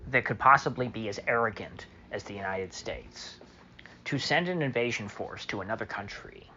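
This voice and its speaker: A man's voice: fairly low pitch, animated, moderate pace, bright, forceful tone, lo-fi sound, a little hiss or hum. A man delivering a solo opinion monologue as a political commentator, sarcastic and mocking, with many fillers.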